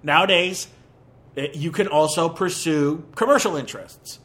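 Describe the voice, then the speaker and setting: Guy on a podcast ranting about a movie, high bright voice, gets worked up. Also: normal speed. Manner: animated, exasperated ranting with crude jabs. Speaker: podcast host.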